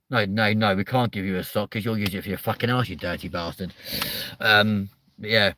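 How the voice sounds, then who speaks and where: A man's voice: on the low side, steady tone, moderate pace, bright, forceful tone, no room sound. A man hosting a comedy chat show, rambling and crude, with constant swearing. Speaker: host.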